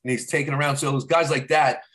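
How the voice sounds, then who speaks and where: A man's voice: medium pitch, steady tone, fast. Man telling rambling comedy stories. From Arizona. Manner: rambling, slips into loud character voices for quotes. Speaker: stand-up comedian guest. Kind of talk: casual storytelling interview.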